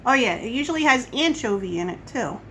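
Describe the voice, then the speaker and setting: At home, a woman vlogger rambles through a casual coffee-chat monologue, drifting off on tangents. Her fairly high, sharp voice is lively in intonation and fairly quick. The audio is poor, with slight background noise.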